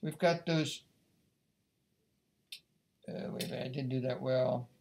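A man's voice: medium pitch, steady tone, unhurried, vocal fry, a little mellow. A man giving a violin lesson, talking casually and thinking aloud between passages. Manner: conversational, thinking aloud as he plays. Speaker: violin teacher. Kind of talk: music lesson. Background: faint violin playing.

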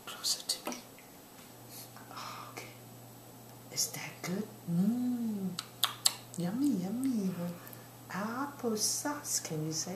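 An older grandmother talking baby talk in a sing-song, coaxing way, now and then dropping to soft whispers. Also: medium pitch, very animated, slow, long pauses. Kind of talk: baby talk while feeding a child. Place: home, indoors. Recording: echoey home room with background noise.

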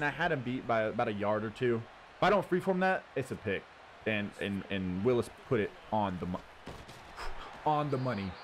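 A man hosting his gaming channel, giving casual running commentary on his own football video game and cheering loudly at big plays. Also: on the low side. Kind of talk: live gameplay commentary. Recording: audible background noise.

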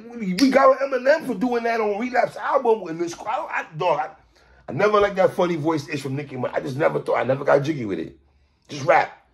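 A man hosting a podcast, ranting in animated commentary, stammering, repeating himself and shouting for emphasis. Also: high voice, gravelly. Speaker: podcast host.

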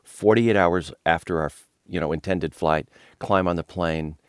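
A man, a pastor and author, talking through a Bible story in a relaxed conversational way and steering the discussion. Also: deep voice, a little slow, clean tone, dry recording. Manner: storytelling, directs others playfully.

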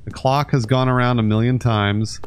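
A man's voice: mid-range voice, steady tone, normal speed, slight background noise. A man streaming a video game, chatting casually and laughing as he plays. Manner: amused, chatty, laughing a lot. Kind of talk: casual gameplay commentary.

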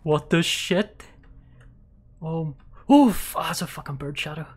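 A woman streamer giving live commentary on a horror game, jumpy and swearing, sliding between hushed whispers and startled yelps. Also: deep voice, steady tone, fairly quick, slightly rough. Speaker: virtual streamer.

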